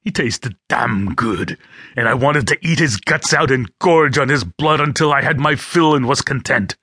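A man's voice: medium pitch, moderate pace, bright, forceful tone, slightly rough, no room sound. A man reading a first-person audiobook with gritty, vivid storytelling, close to a studio mic. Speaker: audiobook narrator.

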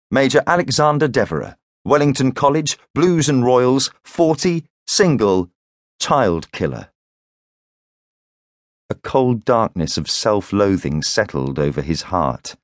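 A man narrating an audiobook thriller in a measured, grave storytelling manner. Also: mid-range voice, dry recording, clean studio sound. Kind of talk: scripted narration.

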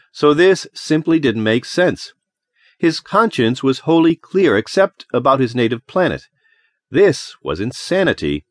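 Man, audiobook narrator, lively expressive reading, dry close studio sound. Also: mid-range voice, no room sound. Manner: expressive, dramatic storytelling. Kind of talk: scripted narration.

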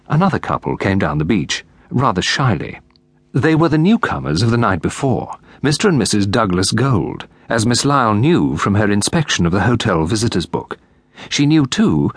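Expressive low-voiced male audiobook narrator. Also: dry recording. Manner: measured, expressive reading. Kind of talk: scripted narration.

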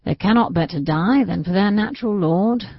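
A woman's voice: mid-range voice, normal speed, dry recording, lightly acted. A woman voicing an earnest young man who speaks with formal reproof, in an audiobook. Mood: stern. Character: young man, earnest ward, loyal and stiff. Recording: dull, dry audiobook recording.

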